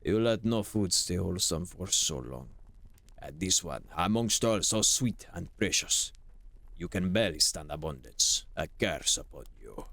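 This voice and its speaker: A man doing a mock Italian accent, reading out game text in a low, hushed, theatrical voice as a male cook. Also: very animated, measured pace, creaky, no room sound, heavily acted.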